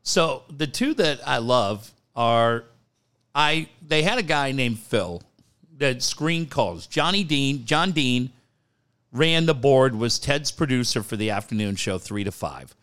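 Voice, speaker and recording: A man telling radio stories in casual chat, profane and animated. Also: mid-range voice, takes it slowly, smooth. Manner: animated, profane, mimics voices in anecdotes. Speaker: sports radio host.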